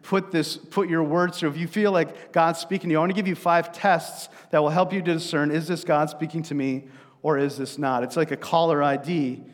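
A man's voice: a little high, steady tone, a little fast, big-room sound. A man preaching a sermon as pastor, telling stories in a conversational way with frequent fillers and restarts.

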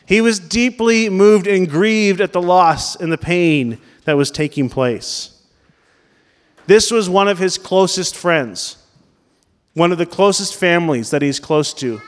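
A man preaching a sermon as pastor in a conversational way, asking the congregation questions. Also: a little high. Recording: long reverb of a large hall.

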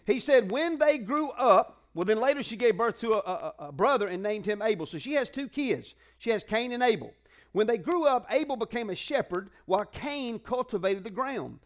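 Male preacher, high-pitched, chatty call-and-response sermon delivery. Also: lively intonation, brisk. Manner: conversational, call-and-response preaching with colloquial asides. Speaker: pastor.

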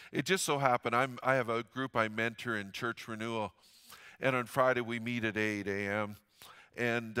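A middle-aged man delivers a sermon with a bright, ringing voice. He tells stories in an earnest way, pushing hard on key words and then dropping almost to a murmur. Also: medium pitch. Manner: earnest storytelling, swings from loud emphasis to hushed quiet. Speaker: pastor.

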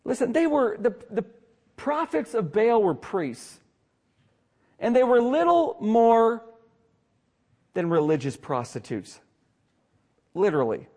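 A man preaching a sermon as pastor, with dramatic swings between loud emphasis and hushed asides and a sarcastic streak. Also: high voice, sing-song, slow pace, long pauses. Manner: sarcastic humor.

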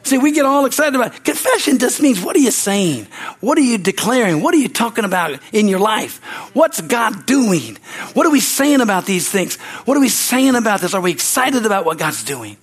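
A man's voice: high voice, big pitch swings, brisk, slightly rough. An older man in his sixties preaching a sermon as pastor, folksy and repetitive, tossing "Amen?" to the congregation. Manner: folksy, tells anecdotes with laughter.

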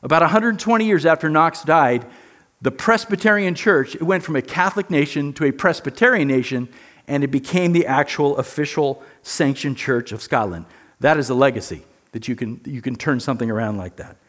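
A man's voice: a little high, brisk, a bit bright. A man teaching a church history lesson in an earnest, emphatic way, often repeating words.

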